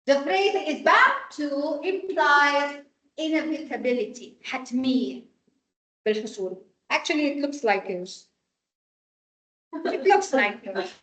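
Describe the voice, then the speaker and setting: High-voiced woman teaching translation, echoey room. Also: a bit bright. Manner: switches between English and Arabic, checks in with "okay?". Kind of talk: classroom lecture. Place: classroom.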